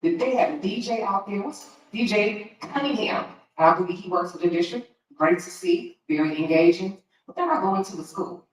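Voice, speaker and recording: A woman's voice: mid-range voice, sing-song, a little fast, few pauses. An emotional woman speaks as a school board trustee, direct and openly frustrated. Her voice carries from a distance through a big, echoey meeting room. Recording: echoey hall from far off.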